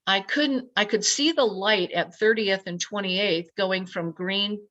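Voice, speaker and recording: A woman guest telling a personal story in a lively way, acting out her own past thoughts as quotes. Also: medium pitch, unhurried. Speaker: podcast guest. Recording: dull lo-fi sound.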